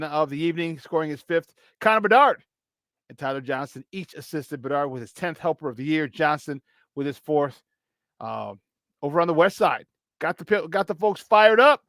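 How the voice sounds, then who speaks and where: This is a male sports talk host with a notably high voice, rattling off scores in an animated, joking way. The sound is dry and close, with no room around it. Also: no room sound. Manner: animated, chatty, joking, excitable. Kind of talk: morning sports talk show.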